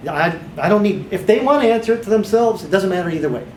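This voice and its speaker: A man's voice: high voice, animated, a little mellow. Give me a male hypnotherapy trainer explaining techniques to a class, with a faint hum behind. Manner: demonstrates guided imagery, drops to a slow authoritative voice. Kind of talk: teaching a small class. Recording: echoey room.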